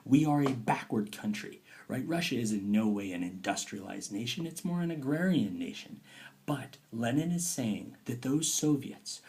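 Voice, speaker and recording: A man teaching a recorded history lesson, lively and talky, now and then dropping to a playful whisper. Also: medium pitch. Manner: lively, dips into playful whispers and mock quotes.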